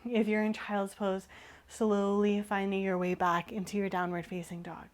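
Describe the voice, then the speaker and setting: A woman instructor giving calm, encouraging yoga cues while moving, slightly out of breath. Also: medium pitch, moderate pace. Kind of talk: guided yoga class cues.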